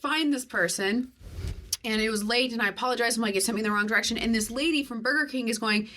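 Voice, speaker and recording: A woman's voice: fairly high pitch, fast talker, bright, forceful tone. A woman guest in a casual podcast chat, telling a story with animation, acting out both sides of the conversation and swearing freely.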